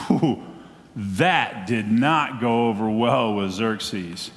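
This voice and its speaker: A man with a Southern accent preaching a sermon, telling a story in an animated way and acting out the scenes. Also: lowish voice, drawn-out words. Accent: Southern American. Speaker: pastor. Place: church sanctuary. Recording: long church hall echo.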